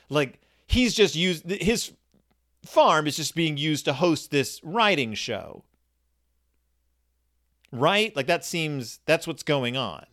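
A man recapping a children's story in comedic, sarcastic asides, often slipping into quick put-on voices for the characters. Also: on the high side, sing-song, a bit bright.

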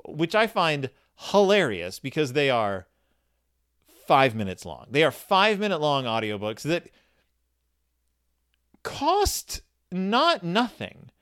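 A man's voice: on the high side, a bit bright. Rambling, chatty man reviewing a book. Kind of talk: casual solo review.

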